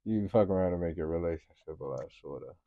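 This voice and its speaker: A man's voice: sits low, fast talker, phone-quality sound. A man co-hosting a casual comedy podcast, chiming in with blunt, laid-back asides. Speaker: podcast co-host.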